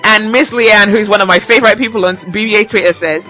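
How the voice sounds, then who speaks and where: Bright, teasing young woman podcast host. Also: mid-range voice, fast, faint music behind, poor audio. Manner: chatty and teasing, laughs often. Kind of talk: casual solo podcast chat.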